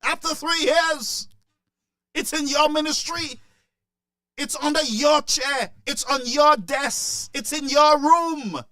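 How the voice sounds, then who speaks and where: A man's voice: extremely high pitch, bright, forceful tone, no room sound. A man giving impassioned political commentary, emotional and repetitive, stumbling over restarts as he presses his points.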